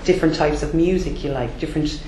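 A woman's voice: sits low, fast, noisy background. An Irish woman running a debt collection training course, speaking emphatically and checking in with her listeners with frequent "okay?". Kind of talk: classroom training talk. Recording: roomy echo.

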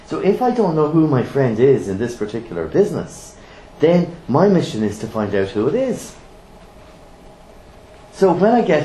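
A middle-aged man teaching a training course, blunt and lively, firing rhetorical questions at the room. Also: fairly high pitch, normal speed. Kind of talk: classroom teaching. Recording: roomy echo, faint background noise.

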